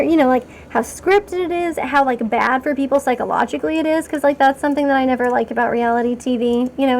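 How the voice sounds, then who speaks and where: A woman streaming a game, rambling in a chatty, self-mocking way and getting excited over what happens on screen. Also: high voice, a little hiss or hum. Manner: rambling and chatty, talking to chat while playing. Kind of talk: casual live-stream commentary.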